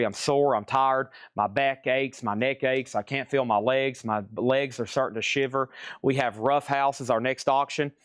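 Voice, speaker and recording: A man hosts a live record auction stream, running through titles, prices and bidders with quick asides. His voice is smooth and clear, recorded close and dry with no room sound. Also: mid-range voice, dry recording.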